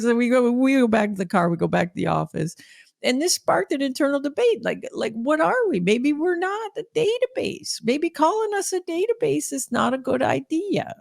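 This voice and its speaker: A woman's voice: mid-range voice, gravelly, darkish tone, no echo, studio quality. A woman hosting a podcast, telling a story in a chatty way with lots of fillers and acted-out quotes. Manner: chatty, frequent "like" fillers, acts out quoted voices. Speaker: podcast host. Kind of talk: storytelling monologue.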